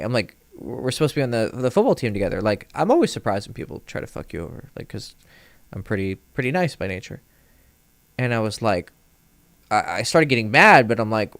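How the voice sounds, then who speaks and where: A man's voice: animated, brisk, vocal fry, fairly bright tone, no echo. A man, a dating coach, telling a long casual story on a livestream, swearing freely and acting out the quoted lines of others. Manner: rambling, profane, acts out quoted dialogue with rising pitch; many fillers and restarts.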